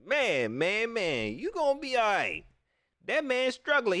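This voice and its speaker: A man hosting a casual live-stream sports talk show, animated and repeating phrases, often laughing. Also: very high voice, a little slow, no echo, studio quality. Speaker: sports fan show host.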